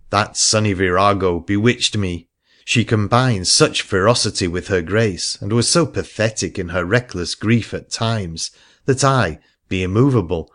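A man narrating a first-person seafaring adventure story in a measured reading voice. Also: low voice. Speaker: audiobook narrator.

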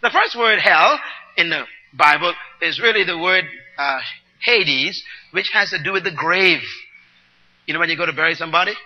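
A man preaching a teaching sermon, explaining scripture word by word and calling on the congregation to repeat after him. He swings between loud, emphatic bursts and soft asides. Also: on the high side, animated, moderate pace, muffled recording. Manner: teaching, asks the congregation to repeat and write words down.

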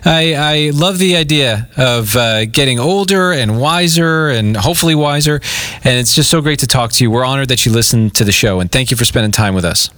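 A male radio host chatting excitedly and playfully with a caller, laughing often. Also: mid-range voice, brisk, no echo. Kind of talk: morning radio talk.

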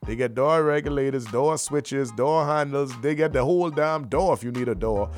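Man, radio host, rambling slangy banter, mid-pitched voice, faint music behind. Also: moderate pace, few pauses. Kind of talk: casual radio patter with shout-outs.

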